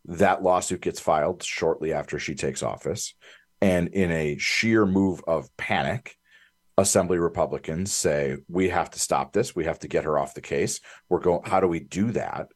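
Animated deep-voiced male political commentator. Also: breathy edge, no room sound, clean studio sound. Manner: animated, building to fired-up emphasis. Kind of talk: political talk radio discussion.

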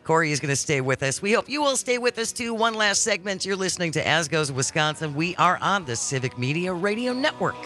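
A woman hosting a radio interview, asking questions in a brisk, friendly way. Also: fairly low pitch, very animated. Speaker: radio host.

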